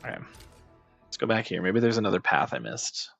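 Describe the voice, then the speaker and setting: His fairly low voice is creaky and a bit bright, swinging widely in pitch as he talks briskly; the highs are cut off and faint music sits underneath. A gaming streamer, he mutters frustratedly over casual gameplay commentary, swearing and calling himself an idiot.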